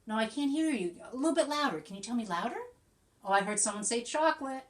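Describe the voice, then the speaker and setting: A woman teacher reading a picture book aloud to young children, animated and coaxing, often asking them questions. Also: on the high side, fast.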